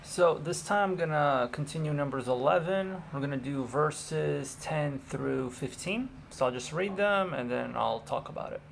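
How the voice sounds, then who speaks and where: A man's voice: a little high, normal speed, gravelly, few pauses, a little hiss or hum. A man reading a Bible passage and then talking about it in a loose, casual way, full of fillers and restarts. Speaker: Bible commentator.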